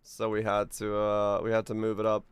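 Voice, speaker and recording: A man's voice: lowish voice, normal speed, clean tone, no room sound. A man streaming a game, chatting casually and humming to himself, his voice a little off today. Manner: relaxed, hums to himself, chuckles. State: voice a bit off today. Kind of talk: casual gameplay commentary.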